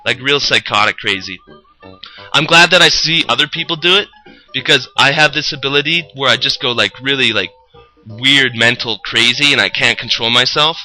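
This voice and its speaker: A young man tells a long, winding story from his working life, swearing freely as he goes. His voice has a sharp, bright edge. Faint music plays behind him. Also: mid-range voice, moderate pace, low-quality recording. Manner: rambling, profane, animated retelling. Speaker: roofer telling a story. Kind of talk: casual storytelling.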